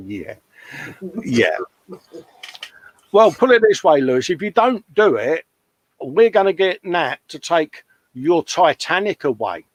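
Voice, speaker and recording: A man's voice: a little high, very animated, takes it slowly, pauses often, fairly bright tone, husky. A man hosting a casual live show, reading out viewer comments with jokey banter and calling everyone mate.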